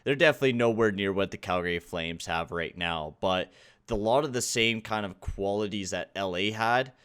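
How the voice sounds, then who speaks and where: A man's voice: lowish voice, normal speed, a bit bright, clean tone. A man co-hosting a casual podcast, thinking aloud with lots of fillers. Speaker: podcast co-host. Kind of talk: casual chat.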